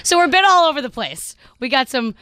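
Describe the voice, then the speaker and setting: A woman's voice: sits high, expressive, fast, sharp tone, no room sound. A young woman co-hosting a radio show, telling a story in casual banter. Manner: chatty, storytelling. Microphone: studio mic.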